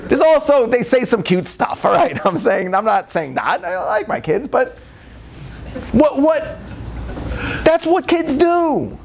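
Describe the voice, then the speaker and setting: A man's voice: very high voice, slow, vocal fry, a little hiss or hum. A man, a rabbi giving a humorous lecture, telling family stories and acting out the dialogue with lots of laughter. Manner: animated storytelling, acts out dialogue, frequent laughter.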